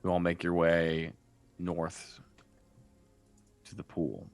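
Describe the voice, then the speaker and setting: Deep-voiced man game master. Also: little pitch movement, slow pace, no room sound. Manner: descriptive, hesitant with many fillers. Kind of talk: narrating a tabletop game.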